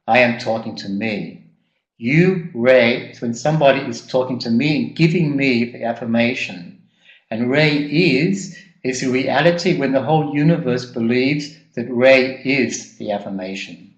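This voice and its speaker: A man leading a personal growth workshop, speaking haltingly with repeated words and frequent ums. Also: medium pitch, lo-fi sound. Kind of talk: live workshop teaching. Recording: echoey room.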